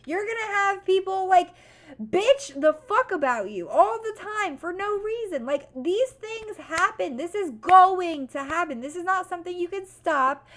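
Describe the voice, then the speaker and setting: A young woman vlogger giving a motivational talk, blunt and profane, swinging from calm advice to loud venting. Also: very high voice.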